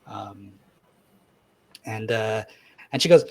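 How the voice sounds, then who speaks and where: A man's voice: medium pitch, normal speed, pauses often. A man running a tabletop game as dungeon master, narrating in a loose way that is full of filler words.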